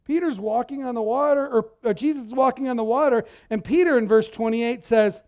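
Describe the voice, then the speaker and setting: A male pastor preaching a sermon in a church, talking in a conversational, animated way and often repeating words as he goes. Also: very high voice, a little fast.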